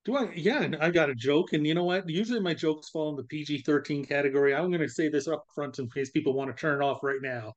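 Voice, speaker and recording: A man's voice: a little high, fast, hardly any pauses, muffled recording. A man co-hosting a casual podcast, telling a joke and acting out the voices in it. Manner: animated storyteller, acts out voices. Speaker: podcast co-host.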